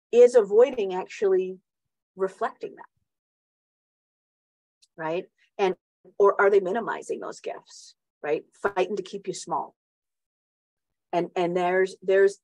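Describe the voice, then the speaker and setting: A woman's voice: lowish voice, a little mellow, no room sound, low-quality recording. A middle-aged woman hosting a motivational talk, chatty, with many restarts and tag questions. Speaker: host.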